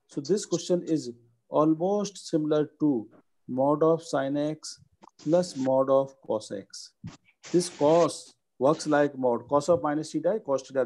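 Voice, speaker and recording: A man, teaching a maths lesson and dictating each step slowly. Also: on the high side, a little mellow, poor audio.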